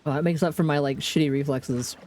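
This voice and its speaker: A woman's voice: low-pitched, fairly quick, slight background noise. Chatty woman streamer talking to herself. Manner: chatty, excitable, rambling self-talk. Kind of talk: casual live gameplay commentary.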